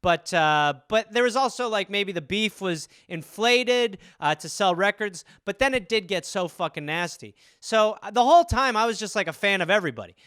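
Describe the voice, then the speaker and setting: A man hosting a comedy podcast in casual, rambling riffs, with lots of "like" and loose swearing. His voice sits high and bright, with a smooth, crisp tone. The sound is close and dry, recorded on a studio mic. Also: animated, moderate pace, few pauses, dry recording. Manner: rambling, full of "like" and restarts, swearing freely.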